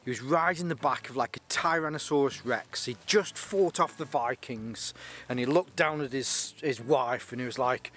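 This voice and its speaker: A man's voice: mid-range voice, normal speed, fairly bright tone. A man casually reviewing gear on his channel, rambling and enthusiastic, joking and restarting sentences often.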